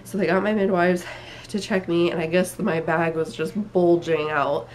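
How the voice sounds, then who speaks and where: A woman's voice: fairly low pitch, fairly even intonation, normal speed. A young woman vlogger telling a personal story in a rambling, emotional way, tired and full of fillers.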